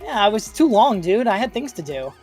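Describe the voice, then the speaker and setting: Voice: mid-range voice, big pitch swings, fairly quick, a little mellow, faint music behind. A podcast panelist describes a game in loose, casual chat. The talk rambles with many fillers and restarts, and laughter comes easily.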